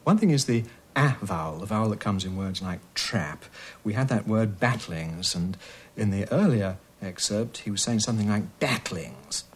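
A man, an expert on British accents, explaining speech changes in a measured way while demonstrating vowel sounds. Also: on the low side, lively intonation, a little hiss or hum. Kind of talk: explanatory interview talk.

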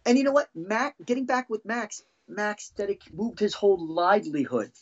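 A man's voice: high-pitched, normal speed, breathy edge, muffled recording. A middle-aged man, a former band drummer, telling heated, profane stories as a podcast guest. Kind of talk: casual storytelling.

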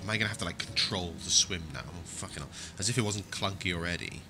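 A man's voice: low voice, quick pace, noisy background. A man doing let's play commentary, jumpy, wisecracking and swearing. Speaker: gaming YouTuber.

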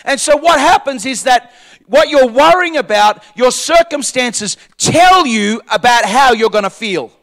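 A male pastor preaching in church has an unusually high voice and an animated, unhurried delivery. He hammers key lines through repetition, shouting his main points and then easing into soft, conversational asides.

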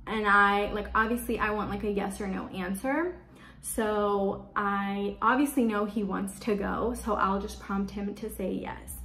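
Woman, parenting vlogger, chatty and casual, lots of "like", mid-pitched voice, echoey room at home. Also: fairly even intonation, measured pace, a bit bright, a little hiss or hum. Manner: chatty, leans on "like" as a filler. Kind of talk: casual chat to camera.

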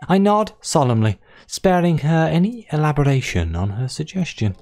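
Chatty let's play host with a lively voice. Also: mid-range voice, normal speed, hardly any pauses, soft background music. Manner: chatty, musing, reads narration aloud. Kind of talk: casual game commentary and reading story text.

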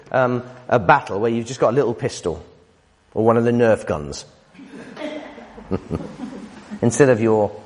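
Husky preacher in a reverberant hall. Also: male voice. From United Kingdom. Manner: animated, teasing, emphatic, with lively pitch swings and laughs. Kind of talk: sermon.

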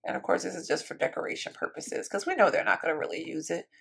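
Talking fast with lively intonation, this woman builds in The Sims and keeps up easygoing commentary, musing aloud and addressing her audience. Her lowish voice is creaky, a bit bright and slightly rough.

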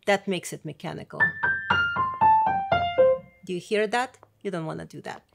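A middle-aged woman, a piano professor, explaining practice strategies in a clear, demonstrative teaching manner. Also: lowish voice, normal speed. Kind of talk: instructional video lesson. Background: piano playing.

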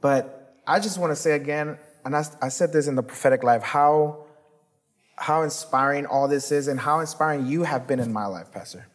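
A man's voice: fairly high pitch, normal speed. A man, a pastor co-hosting, talking earnestly and casually, with frequent affirming interjections. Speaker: pastor, co-host. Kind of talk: casual conversation.

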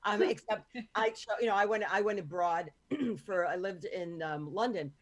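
A woman's voice: mid-range voice, normal speed. An American woman in her fifties hosting a podcast, chatting frankly with swearing and restarts. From United States. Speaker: podcast host. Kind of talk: casual podcast chat.

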